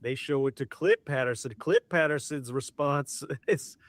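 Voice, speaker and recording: A man casually and excitedly recapping a documentary on a podcast, often quoting the people in it. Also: mid-range voice, moderate pace, no room sound. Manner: excited retelling, quotes people. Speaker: podcast co-host.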